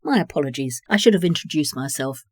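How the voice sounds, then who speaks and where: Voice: medium pitch, expressive, fast, no echo, clean studio sound, natural voice. A reader voicing a friendly, cheerful young man with a Belfast accent in an audiobook. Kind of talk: audiobook reading.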